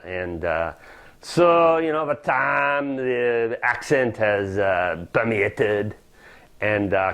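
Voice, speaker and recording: A man playing an excitable French home chef with a French accent muddled by Australian, hosting a comic cooking lesson and tagging lines with "huh?". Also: medium pitch. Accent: French mixed with Australian. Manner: theatrical, tags lines with "huh?" and "all right?". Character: excitable theatrical French home chef, male, middle-aged. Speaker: cooking show host.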